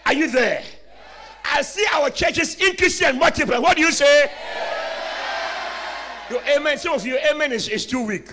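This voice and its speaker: High-pitched shouting preacher. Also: male voice, expressive, moderate pace, long pauses, crowd noise, noisy background. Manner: shouting, call-and-response with congregation. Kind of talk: sermon. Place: church hall with congregation.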